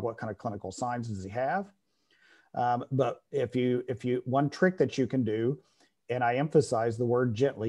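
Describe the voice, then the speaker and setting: A man's voice: medium pitch, a little mellow. A middle-aged man giving a veterinary radiology lecture to a class, explaining step by step and often checking in with "okay?".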